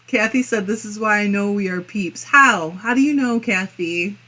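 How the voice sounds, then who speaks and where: A woman's voice: mid-range voice, moderate pace, pushed and bright. A woman hosting a casual crafting livestream, reading viewer comments aloud and giggling often between them. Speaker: fiber arts channel host.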